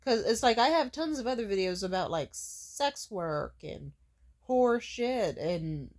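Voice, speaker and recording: A woman's voice: fairly high pitch, lively intonation, a little slow. A young woman ranting casually to camera, sarcastic and full of fillers, mocking the comments she quotes. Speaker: video creator.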